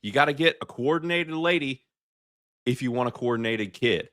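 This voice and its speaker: Bright-voiced Southern man rambling on a live show. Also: mid-range voice, lively intonation, moderate pace, no echo, studio quality. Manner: rambling, chatty, lots of fillers and restarts. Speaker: podcast host. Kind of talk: live commentary reacting to clips for chat.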